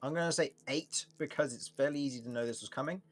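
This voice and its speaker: A young man running a tabletop game in an easy, unhurried way. His voice sits at an ordinary middle pitch, and he often laughs and circles back mid-sentence. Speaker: game master.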